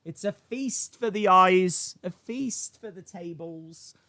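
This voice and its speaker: High, bright, gravelly excitable man. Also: slow pace, no echo. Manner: animated, shouts and laughs reading chat names. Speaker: live stream host. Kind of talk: excitable live reaction chat.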